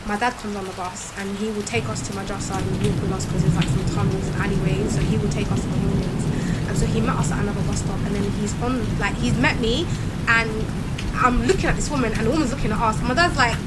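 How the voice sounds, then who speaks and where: A woman, telling a story in an animated, emphatic way and reciting verses quickly. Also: on the high side, very noisy. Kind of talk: casual storytelling.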